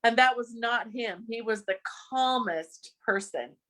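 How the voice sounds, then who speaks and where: A woman's voice: fairly high pitch, a little slow, a bit bright. A woman telling a personal story of loss in an earnest, emotional way, laughing now and then through her grief. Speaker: podcast guest.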